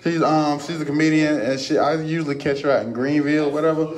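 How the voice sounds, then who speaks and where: A man's voice: fairly high pitch, steady tone, fast talker. A man hosting a podcast live at a bar, telling profane stories with lots of laughter. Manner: loud laughing, storytelling, profane. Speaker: podcast host. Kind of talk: raunchy casual chat. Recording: far from mic, crowd noise.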